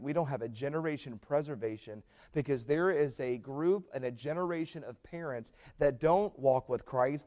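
A man preaching a sermon as pastor, swinging from hushed stretches to loud emphatic climbs. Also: mid-range voice.

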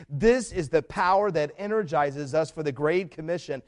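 A man preaching a sermon as pastor, swinging from hushed stretches to loud emphatic climbs. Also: on the high side, normal speed, hardly any pauses.

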